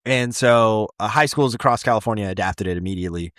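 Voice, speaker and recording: A man who teaches high school English, chatting casually on a podcast and rambling with frequent restarts and the odd swear word. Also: fast, fairly bright tone, no room sound, studio quality.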